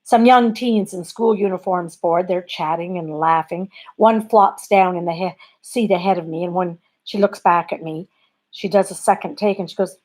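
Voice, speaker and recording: A woman's voice: lowish voice, moderate pace, darkish tone. Wry Canadian woman telling a story. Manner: wry, conversational, self-deprecating. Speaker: comic storyteller. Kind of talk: bedtime storytelling.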